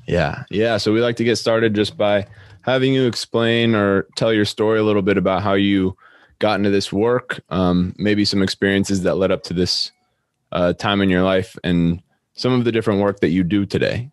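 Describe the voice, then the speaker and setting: A man's voice: lowish voice, fairly even intonation, normal speed, dry recording, studio quality. A man hosting a podcast, welcoming a guest and asking questions with many fillers. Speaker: podcast host. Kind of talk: interview hosting.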